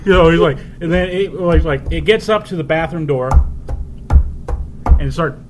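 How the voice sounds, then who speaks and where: A man co-hosting a podcast, telling a long joke in a drawn-out way and acting out the lines. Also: fairly high pitch. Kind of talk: casual chat. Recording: background noise in a game store.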